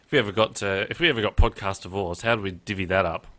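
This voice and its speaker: A man co-hosting a podcast in casual chat, telling anecdotes with dry, deadpan humor. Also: lowish voice, rapid-fire. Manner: tells anecdotes. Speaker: podcast co-host.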